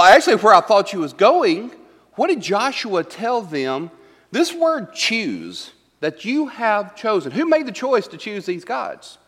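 A man's voice: high-pitched, fairly bright tone. A man teaching a Bible study class. He reads verses aloud and puts questions to the group. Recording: long hall reverb.

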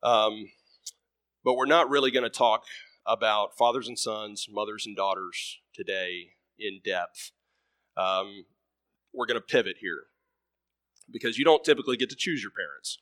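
A man's voice: lowish voice, normal speed, long pauses, fairly bright tone, no room sound, clean studio sound. A man preaching a sermon in a conversational way, full of ums and uhs, who tells a story and lightly acts out its voices.

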